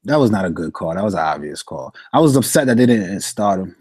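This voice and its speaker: A young man streams fantasy sports, talking casually in a warm, mellow voice that sits low, a little fast and slightly rough. He's slangy and animated, shouting out viewers as he reads the chat, his voice close and dry with no room sound.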